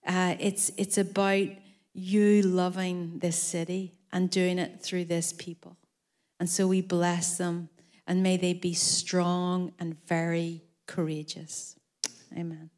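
Woman praying, slow and steady, very even voice. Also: fairly low pitch. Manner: earnest, prayerful. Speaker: prayer leader. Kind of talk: spoken prayer.

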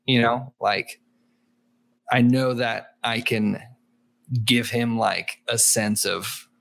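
A man co-hosting a casual chat about a book, relaxed and full of fillers. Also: medium pitch, slow pace, vocal fry, dry recording.

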